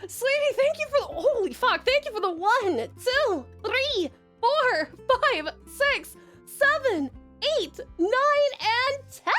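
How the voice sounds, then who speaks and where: Bubbly high-voiced Australian woman streamer. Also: very animated, slow, a bit bright, faint music behind. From Tasmania, Australia. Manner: bubbly, laughs often, reads tutorial text aloud. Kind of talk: live game stream chat.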